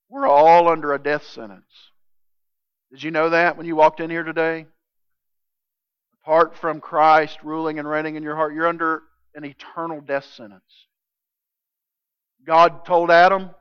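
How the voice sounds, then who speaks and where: Emphatic high bright-voiced male preacher. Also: steady tone, moderate pace, long pauses, clear, resonant tone, muffled recording. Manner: emphatic, swings from loud declarations to hushed intensity. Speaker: pastor. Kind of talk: sermon.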